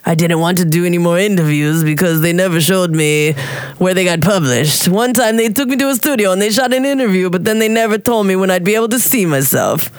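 A woman's voice: on the low side, lively intonation, no room sound, lightly acted. Figure: a woman doing a smitten old man with a fake Russian accent. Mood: weary. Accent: put-on Russian. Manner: halting, earnest broken English. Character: older male tattoo fan, shy and smitten.

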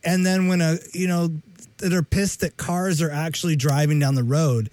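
A man's voice: fairly high pitch, level tone, moderate pace, darkish tone, dry recording. A man co-hosting a podcast in casual chat, joking and rambling, sometimes humming and mock-singing. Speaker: podcast co-host.

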